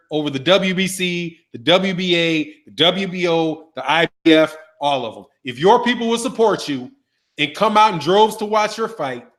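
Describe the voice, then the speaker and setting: A man hosting a boxing commentary channel, talking in an animated, emphatic and slangy way. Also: high-pitched. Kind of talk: casual commentary.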